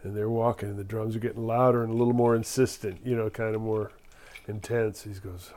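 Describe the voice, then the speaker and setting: A man casually telling a musician joke, with a halting, vivid storytelling manner. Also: fairly low pitch, flat delivery, a little mellow, a little hiss or hum.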